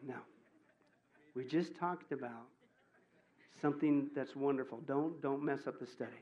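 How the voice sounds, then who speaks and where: A man preaching a sermon as pastor, joking and animated, swinging from loud exclamations to hushed asides. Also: medium pitch, normal speed.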